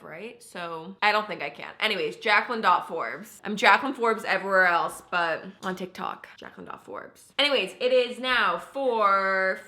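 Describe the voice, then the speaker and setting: A young Canadian woman with a bright, clear voice chats casually to her viewers from her home. She rambles in a friendly, self-deprecating way while going through her day. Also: medium pitch. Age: 20s. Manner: chatty, self-deprecating, bubbly. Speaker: vlogger. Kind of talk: casual day-in-the-life vlog. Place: home studio and kitchen, indoors.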